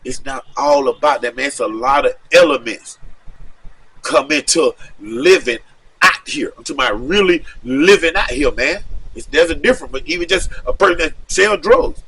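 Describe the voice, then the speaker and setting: A middle-aged man casually telling a story from the streets, animated and full of slang, tagging "man" onto his sentences. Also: a little high, moderate pace, slightly rough, far from the mic. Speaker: storyteller recounting street life.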